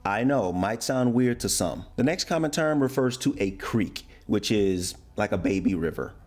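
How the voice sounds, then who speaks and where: A man from the United States talks through slang in a loose, friendly explainer style. His voice sits a little low, and he slips into playful voices for the examples. Faint music plays in the background. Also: animated, normal speed, darkish tone. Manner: playful, acts out example phrases in shifting voices. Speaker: YouTuber explaining American slang. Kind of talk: casual explainer video.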